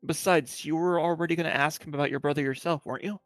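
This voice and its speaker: A man's voice: a little high, steady tone, quick pace, fairly bright tone, no room sound, soft background music, natural voice. A man voicing a hesitant, polite fox-spirit adventurer who stumbles and repeats his words.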